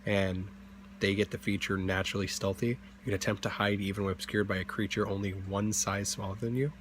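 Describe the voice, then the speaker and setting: A man's voice: lowish voice, level tone, fairly quick, slight background noise. A young man hosting a tabletop game channel, chatting casually in a rambling way, full of fillers and self-corrections. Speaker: D&D channel host.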